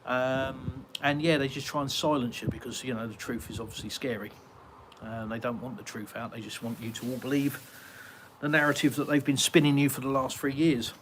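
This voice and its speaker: A man's voice: medium pitch, flat delivery, a little fast, background noise. An English man from Britain hosting a casual live Q&A from his garden, rambling and chatty with many ums and uhs as he reads viewer comments aloud. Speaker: live-stream host answering viewer chat.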